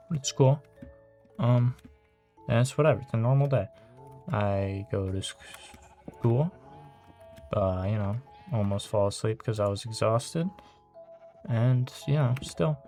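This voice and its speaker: A man's voice: medium pitch, warm tone. A young man telling a casual story in a rambling way, with lots of fillers and swearing, still shaken and upset. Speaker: vlogger.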